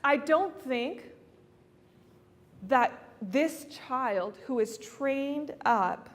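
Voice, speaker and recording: A woman's voice: high-pitched, expressive, extremely slow. A woman counselor giving an earnest, persuasive talk to a live audience, laughing often as she makes her points. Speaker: family counselor speaking at a conference. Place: event venue before an audience. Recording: long reverb in a large hall.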